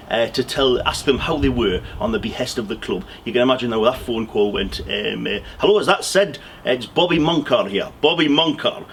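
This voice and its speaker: A man's voice: medium pitch, a little hiss or hum. A man presenting topical football satire on a comedy show, rambling and dry, with lots of hesitant fillers.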